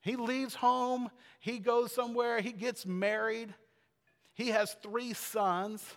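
A male pastor preaching in a casual, animated storytelling way, full of fillers and asides. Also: very high voice, slow pace, long reverb tail. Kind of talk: sermon.

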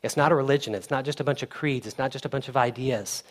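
A man's voice: medium pitch, quick pace. A young male pastor gives a sermon in a mid-range voice. He talks casually, almost like chatting with friends, and livens up when he tells a story. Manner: conversational, animated when storytelling.

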